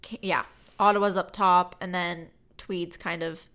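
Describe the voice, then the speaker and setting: A woman's voice: fairly low pitch, steady tone, a little slow, a bit bright, clean tone. A woman co-hosting a casual chat podcast, from Canada, rambling and playful with lots of fillers. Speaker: podcast co-host.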